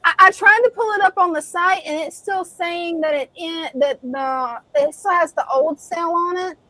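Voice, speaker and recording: A woman's voice: extremely high pitch, moderate pace, sharp tone, no echo, rough recording. A woman co-hosting a casual live stream chat, laughing often.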